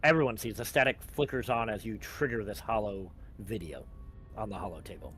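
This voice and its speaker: A man's voice: lowish voice, fairly quick, a bit bright, soft background music. A man narrating a tabletop game as game master, casual and rambling. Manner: casual, rambling with many likes.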